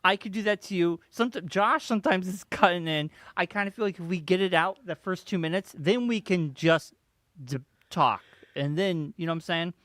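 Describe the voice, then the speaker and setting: A man's voice: sits high, moderate pace, a bit bright, no echo, clean studio sound. A man hosting a casual podcast chat, loose and hesitant with many ums as he steers the talk. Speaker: podcast host.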